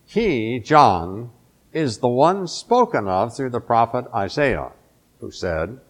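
Man, pastor, sermon, emphatic, slow delivery, animated pitch. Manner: emphatic preaching with drawn-out words.

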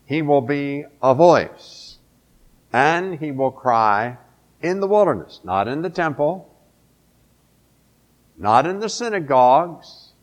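A man's voice: a little high, animated, takes it slowly, long pauses. A male pastor preaching a sermon, emphatic, drawing out key words.

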